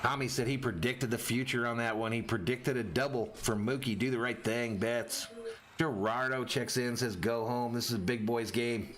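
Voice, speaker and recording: A man hosting a live fan play-by-play stream, calling the game and reading chat messages with excitable energy. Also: medium pitch, normal speed, a little hiss or hum. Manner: excitable, rises sharply on big plays.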